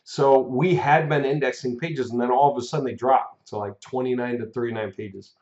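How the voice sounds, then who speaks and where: With a hiccuping, rambling delivery full of laughter, restarts and fillers, a man gives a chatty video update as a marketing course host. His medium-pitched, darkish voice is fairly even in intonation and fairly quick, and the sound is dull lo-fi in an echoey room.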